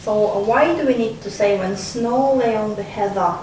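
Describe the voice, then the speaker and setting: A woman's voice: on the high side, normal speed, darkish tone. A woman leading a casual discussion of a poem, thoughtful and prompting with questions. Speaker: discussion leader. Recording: echoey room, distant mic, faint noise.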